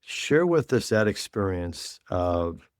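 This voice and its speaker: A man's voice: deep voice, big pitch swings, slow pace, no echo, clean studio sound. A man hosting an interview podcast, giving short prompts and steering the guest toward the next topic. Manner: brief prompts and backchannel murmurs. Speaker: podcast host. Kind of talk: interview questions.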